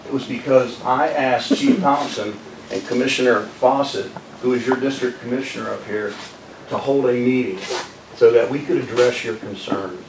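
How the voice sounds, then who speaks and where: A man speaking as county manager at a public meeting, measured and apologetic with frequent fillers. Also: mid-range voice. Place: community meeting room. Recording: echoey room from far off, noisy.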